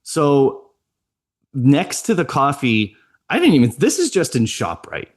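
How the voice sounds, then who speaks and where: A man's voice: mid-range voice, huge pitch swings, measured pace. A man co-hosting a podcast, telling a chatty story and laughing often. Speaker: podcast co-host. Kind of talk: casual chat.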